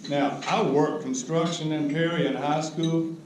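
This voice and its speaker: An older man giving a humorous storytelling speech at a roast, with wry, unhurried comic timing. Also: a little high, steady tone. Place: large banquet hall. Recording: echoey hall recorded from a distance with background noise.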